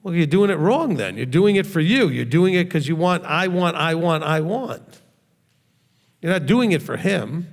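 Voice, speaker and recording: A man's voice: a little high, expressive, moderate pace, vocal fry, big-room sound. A man, a rabbi, teaching a sermon in a conversational way, often checking in with his listeners and adding light joking asides.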